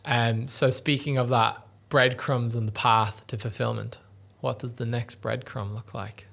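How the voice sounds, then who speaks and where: A man's voice: medium pitch, steady tone, a little slow, vocal fry, a bit bright. A man hosting a podcast interview, affirming and supportive in a casual conversational way. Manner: affirming, frequent "yeah". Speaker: podcast host.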